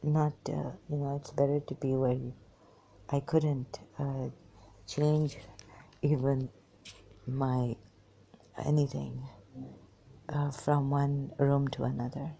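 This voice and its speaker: Very low, gravelly, exhausted woman. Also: flat delivery, dark tone, a little hiss or hum. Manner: halting, hesitant, drifting into whispers. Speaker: vlogger. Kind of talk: personal monologue to camera. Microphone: phone held in hand.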